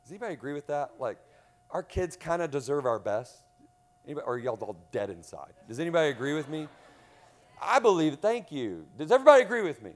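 A man preaching a sermon to a congregation, swinging from loud emphasis to hushed tones and asking the room questions. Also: fairly high pitch, very animated, fast talker, slight background noise. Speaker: pastor.

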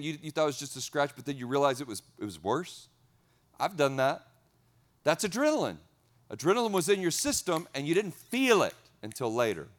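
A man preaching a sermon as a pastor, energetic, repeating key words and swinging between loud and soft. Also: a little high.

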